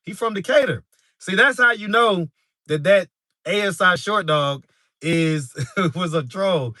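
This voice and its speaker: Brief: easygoing male host chatting live with viewers, bright tone, dry close sound, laughs easily. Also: sits high, measured pace, no room sound. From New York. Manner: laid-back, laughs often, talks straight to the chat. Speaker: street interview channel host. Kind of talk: casual livestream chat with viewers.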